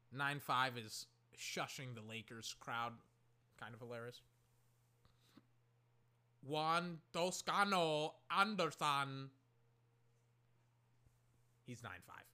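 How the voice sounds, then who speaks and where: A man from Oakland, California, casually calling a basketball game he is watching, rambling with lots of "like" and breaking into excited shouts. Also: fairly high pitch. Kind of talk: casual play-by-play while watching.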